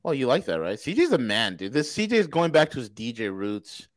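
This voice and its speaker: Lively joking man teasing his co-hosts. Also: medium pitch, a little fast, dry recording. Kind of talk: casual chat.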